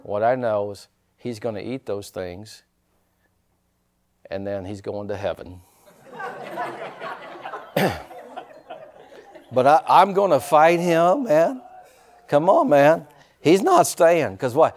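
A male pastor in full sermon mode. His pitch swings up and down as he pushes his points, repeating lines and calling for a response. Folksy jokes keep it loose between the exhortations. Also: slow pace, pauses often, some chatter behind. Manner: animated preaching with call-and-response and repeated phrases; folksy, joking asides.

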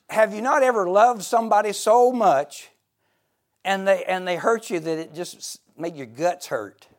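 Here a man's voice sits high as he preaches passionately, dropping to intimate murmurs and then rising to shouts, with laughter throughout.

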